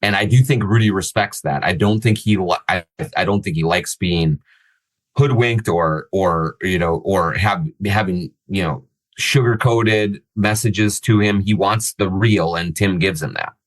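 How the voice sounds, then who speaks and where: Man, very low voice, hesitant, lots of ums, sports podcast host. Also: unhurried, poor audio. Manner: hesitant, many fillers and restarts. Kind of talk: casual analytical chat.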